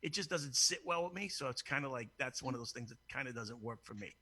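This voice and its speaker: A man's voice: mid-range voice, expressive, fast, bright, forceful tone, breathy edge. Brash, profane man hosting a call-in show. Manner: brash, profane and joking, laughs often. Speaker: host. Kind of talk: crude casual chat.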